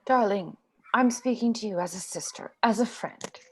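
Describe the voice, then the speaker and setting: A woman playing a gentle older sister who comforts and advises, read over a video call. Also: mid-range voice, moderate pace, husky, lightly acted. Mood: earnest. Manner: soothing, coaxing. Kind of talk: cold-read stage drama.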